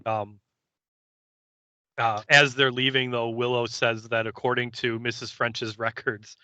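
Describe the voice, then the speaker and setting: A man co-hosting a podcast, casually recapping an episode scene by scene and slipping into quick character voices. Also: medium pitch, flat delivery, pushed and bright, dry recording, muffled recording. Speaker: podcast co-host.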